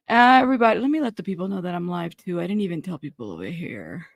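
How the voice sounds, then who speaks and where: A woman's voice: fairly low pitch, lively intonation, fairly quick, no room sound. A woman hosting a casual live stream, upset and a bit scattered as she greets viewers and fumbles with her screen.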